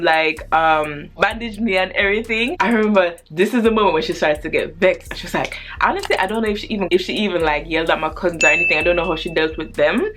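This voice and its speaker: A woman in her twenties telling a personal story on her casual vlog, animated and chatty, with slang and swearing. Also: mid-range voice, a little hiss or hum. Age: 20s.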